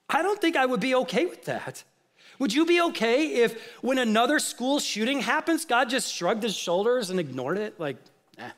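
A man preaching with a high, bright-edged voice that leaps and plunges across a wide range. He fires rhetorical questions at his listeners, then drops to hushed, low asides. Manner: rhetorical questions, rising to emphatic outrage then dropping low. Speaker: pastor. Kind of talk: sermon.

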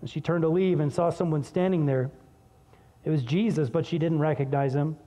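A man preaching a sermon as pastor, conversational and energetic, dropping low and soft when reading scripture. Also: fairly quick, long reverb tail.

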